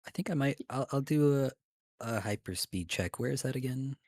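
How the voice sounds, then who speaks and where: A tabletop game player with a mid-pitched voice who talks hesitantly and fills pauses often. The sound is close and dry. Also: a little mellow, dry recording. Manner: hesitant, with many fillers. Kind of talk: casual role-play chat.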